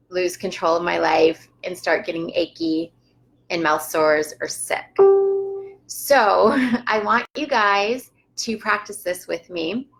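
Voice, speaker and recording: A woman teaching yoga on a live stream, gently guiding listeners through a slow breathing practice with soft laughs now and then. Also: medium pitch, gravelly, poor audio. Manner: calm, unhurried guidance with frequent soft laughs.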